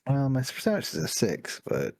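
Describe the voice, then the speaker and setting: A man's voice: mid-range voice, wildly swooping pitch, normal speed, creaky, darkish tone, no room sound. A man playing a tabletop game, chatting casually and thinking aloud. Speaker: player.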